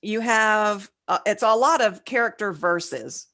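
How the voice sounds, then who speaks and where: Her mid-range voice is a bit bright, with lively intonation. Co-hosting a casual chat on a writing podcast while slightly tipsy and slurring a little, this woman jokes around and slowly reads definitions out loud.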